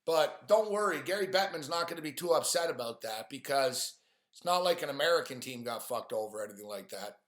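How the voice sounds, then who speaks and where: A man's voice: mid-range voice, animated, a little fast, fairly bright tone. A man ranting on a live stream about sports games and his bets, swearing often and sounding frustrated. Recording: echoey room.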